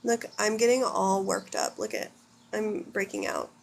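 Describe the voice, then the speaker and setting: A woman's voice: medium pitch, fairly even intonation, normal speed, gravelly, a little hiss or hum. An American woman in her thirties hosting a casual livestream, reading comments aloud and answering bluntly, with frequent swearing. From United States. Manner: blunt, opinionated, swears freely. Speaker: livestream host.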